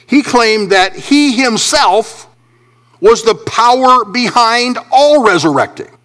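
A middle-aged man preaching with a high, lively voice that leaps and drops. He builds to soaring emphasis, then falls to hushed, low phrases in a dramatic sermon. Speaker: pastor.

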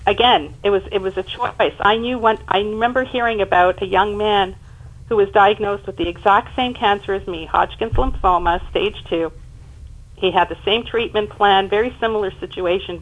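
Woman in her fifties, interview guest, emphatic animated storyteller, mid-pitched voice. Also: lo-fi sound. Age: 50s. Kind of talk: personal storytelling in conversation.

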